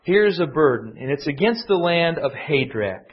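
A man's voice: a little high, sing-song, moderate pace. Man teaching a Bible class, dull recording. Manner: digressive and emphatic, with frequent restarts. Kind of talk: conversational Bible lesson.

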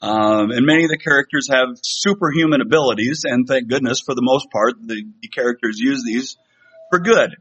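Preacher, man, middle-aged, husky voice, easygoing self-deprecating delivery, muffled church recording. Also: medium pitch, normal speed, a bit bright. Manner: conversational, self-deprecating, with many fillers and restarts. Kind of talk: sermon. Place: church sanctuary. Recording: slightly dull lo-fi sound.

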